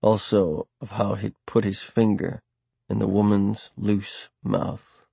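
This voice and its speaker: A man narrating an audiobook in a steady, plain storytelling manner. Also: lowish voice, slow pace, creaky, slightly rough, no room sound. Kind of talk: scripted narration.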